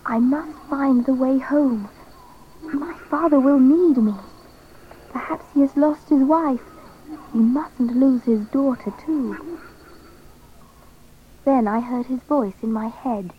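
A woman narrating a story in the first person, reading clearly and deliberately. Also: sits high, narrow, tinny audio, a little hiss or hum.

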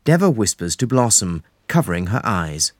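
Cast note: low, husky male narrator with lively intonation, dry studio sound. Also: moderate pace, dry recording. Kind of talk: scripted narration.

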